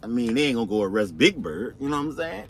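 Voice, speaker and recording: A man's voice: mid-range voice, very animated, fast talker. A middle-aged man telling street stories in casual, slang-heavy talk, often asking "you heard me". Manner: slangy, laid-back, keeps saying "you heard me". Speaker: interviewee.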